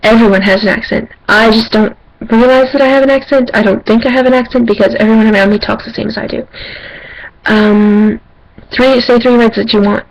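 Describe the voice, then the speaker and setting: A woman's voice: on the high side, fairly even intonation, fairly quick, gravelly. A young Canadian woman in a casual home vlog, reading a passage aloud and then answering questions in a plain, slightly hesitant way with fillers, recorded on a camera resting on her knees. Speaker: vlogger. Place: at home, seated without a table. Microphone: camera's built-in mic, camera resting on her knees. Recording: dull lo-fi camera audio.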